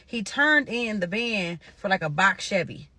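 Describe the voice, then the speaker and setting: A young woman from Nebraska telling a story to her viewers in a casual, animated, profane way. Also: mid-range voice, measured pace. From Omaha, Nebraska.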